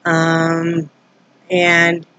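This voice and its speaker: A woman's voice: on the low side, monotone, extremely slow, bright, forceful tone, low-quality recording. A woman from Wyoming telling a story to her camera in a casual, rambling way, acting out both sides of a tense encounter with many restarts. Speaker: vlogger.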